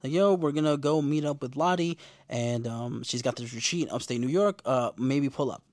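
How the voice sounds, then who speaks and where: A man in casual recap mode, talking fast and loose with slang and jumping into quick impressions of the characters. His pitch sits mid-range, and the sound is dry and close with no room around it. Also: dry recording. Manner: animated, slangy, acts out quotes. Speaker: show recapper.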